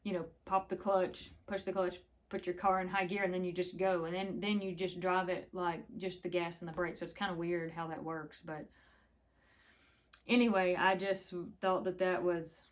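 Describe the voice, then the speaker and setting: A woman's voice: on the low side, flat delivery, moderate pace. A woman, chatting casually to the camera, rambling through a story with laughs. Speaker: vlogger.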